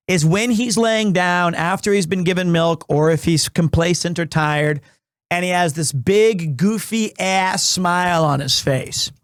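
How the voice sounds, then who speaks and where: Rambling streamer dad, dry close mic. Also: male voice, sits high, no room sound. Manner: rambling, animated storytelling with restarts. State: recovering from asthma, clearing throat. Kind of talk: casual live-stream chat. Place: small home room.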